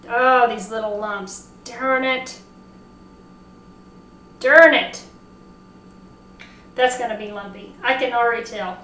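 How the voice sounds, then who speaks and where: A woman with a Southern accent hosting a casual cooking demo, chatting excitedly and talking to herself as she works. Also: fairly high pitch, slow, pauses often. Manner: chatty, excitable, talks to herself while working. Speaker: cooking show host. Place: home kitchen. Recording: echoey kitchen, mic at a distance.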